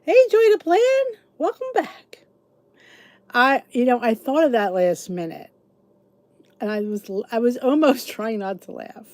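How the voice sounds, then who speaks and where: Chatty woman host, lively high voice. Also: measured pace, pauses often, no room sound. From United States. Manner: chatty, greets viewers by name, frequent laughs. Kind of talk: casual livestream chat.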